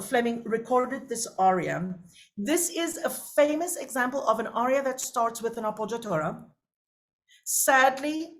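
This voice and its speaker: A woman coaching singers in a masterclass, lively and chatty with quick asides to her students. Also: a little high. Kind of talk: masterclass teaching.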